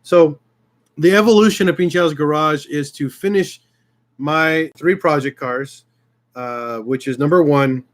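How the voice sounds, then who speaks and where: A man's voice: a little high, measured pace. Emotional rambling man streaming to fans. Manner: rambling, heartfelt, many restarts. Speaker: YouTube channel host. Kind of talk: casual live-stream chat.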